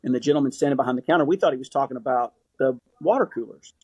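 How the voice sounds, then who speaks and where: A man who works in a golf shop, casually telling animated stories on a podcast. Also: mid-range voice, rapid-fire, slightly rough, no room sound, muffled recording. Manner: animated, acts out customers. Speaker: golf shop staff guest. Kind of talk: casual storytelling.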